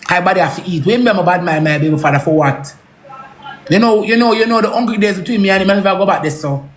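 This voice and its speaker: A woman's voice: on the low side, expressive, fast talker, slight background noise. A woman with a Jamaican accent, ranting angrily, swearing and repeating herself in a heated live rant. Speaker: social media personality.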